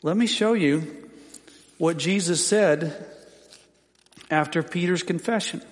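A man's voice: on the high side, slow pace, long reverb tail. A man preaching a sermon as pastor, teaching scripture in a folksy way with joking asides.

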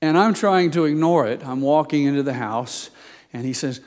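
A man's voice: on the high side, moderate pace, darkish tone. An older man preaching a sermon, telling a personal story in a conversational, self-deprecating way. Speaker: pastor. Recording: long hall reverb.

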